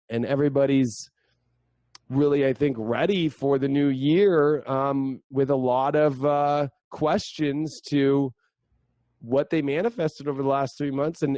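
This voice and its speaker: A man speaking as a guest astrologer in a casual podcast chat, energetic and rambling, now and then slipping into playful voices. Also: medium pitch, no room sound, highs cut off.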